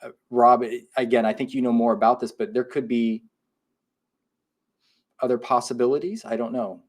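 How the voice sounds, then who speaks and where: A man co-hosting a live paranormal podcast in a relaxed, chatty way. He reads out listener messages and answers them in an even, everyday voice. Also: medium pitch, moderate pace. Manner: reads listener comments aloud and reacts. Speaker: podcast co-host. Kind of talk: casual live podcast chat.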